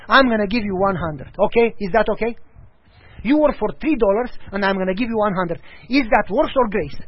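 Male preacher, lively storytelling delivery with voiced dialogue; high, animated pitch. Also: husky, dry recording. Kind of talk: sermon. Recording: dull lo-fi audio.

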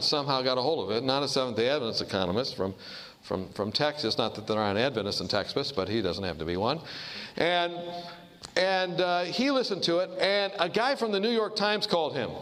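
A man's voice: on the high side, a bit bright. Chatty preacher man in a reverberant hall. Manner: chatty, humorous storytelling with asides to the audience. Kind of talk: sermon-style talk.

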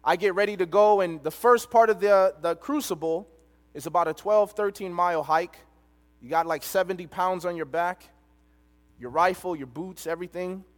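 Young male preacher, storytelling sermon, animated, slightly higher voice, big hall reverb. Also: moderate pace. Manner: animated storyteller, quoting others in dialogue. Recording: long reverb of a large hall.

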